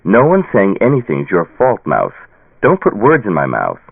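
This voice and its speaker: A man's voice: lowish voice, huge pitch swings, moderate pace, creaky, husky, no echo, exaggerated voice. A man voicing a tired, patient father pleading with his daughter in an audiobook. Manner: pleading, patient, sometimes stern. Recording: tinny phone-like dry sound.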